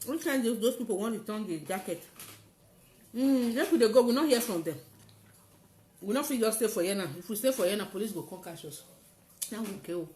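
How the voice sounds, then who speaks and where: A woman's voice: mid-range voice, lively intonation, brisk, pauses often. Nigerian pidgin woman telling her story big and dramatic, roomy echo, bit of noise behind. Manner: dramatic storytelling, acting out shouts. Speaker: testifier. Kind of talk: personal story.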